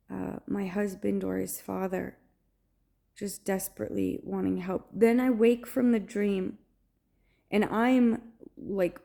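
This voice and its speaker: A woman vlogger recounting a dream to camera in an earnest, halting way, often pausing to search for words. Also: mid-range voice, creaky, mellow. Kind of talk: personal storytelling to camera.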